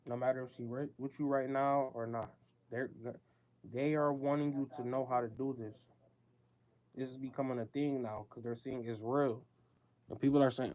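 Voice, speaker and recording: A man's voice: mid-range voice, level tone, brisk. A man hosting a show, talking in a casual, emphatic, slangy monologue with a lot of repetition.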